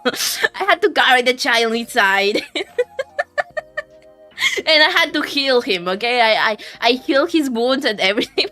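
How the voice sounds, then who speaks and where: Woman streamer, bright crisp voice, giggly and foul-mouthed, faint music behind. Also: a little high, expressive, measured pace, pauses often. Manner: laughs often, swears, rambling storyteller. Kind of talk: casual stream chat.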